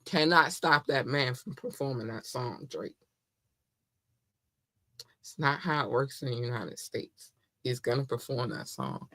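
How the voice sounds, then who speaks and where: A woman's voice: extremely low pitch, lively intonation, normal speed, gravelly, a bit bright, dry recording. Woman, podcast host, casual monologue, playful and gushing, dry close sound. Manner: effusive and playful, laughs often.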